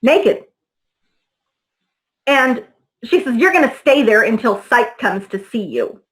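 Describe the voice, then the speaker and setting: Woman, middle-aged, interview guest, blunt, heated, swears freely, acts out quoted voices, higher pitch. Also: expressive, slow, rough recording. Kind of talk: personal storytelling in conversation.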